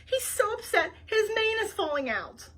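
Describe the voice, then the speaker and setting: A woman voicing the president's indignant, scolding mother, who shouts her complaints. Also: very high voice, big pitch swings, moderate pace, voice pushed up, full character voice.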